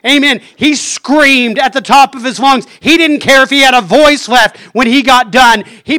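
High, bright-voiced fervent preacher man. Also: normal speed, hardly any pauses. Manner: fervent, punctuates phrases with "Amen". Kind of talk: sermon.

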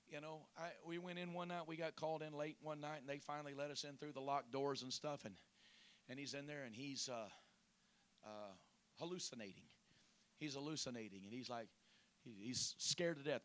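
A pastor preaching a testimony, moving from chatty storytelling to loud, fervent prayer. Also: male voice, on the high side, fairly quick. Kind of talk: sermon testimony.

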